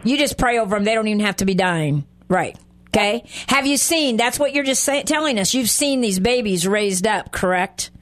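A woman's voice: mid-range voice, normal speed. A woman hosting a Christian radio talk show, teaching from the Bible and acting out the scenes with animation. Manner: animated, acts out scripture scenes in lively voices and laughs often.

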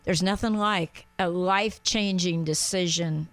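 A woman's voice: lowish voice, unhurried, no echo. A woman pastor hosting a Christian talk show, exuberant and full of praise exclamations.

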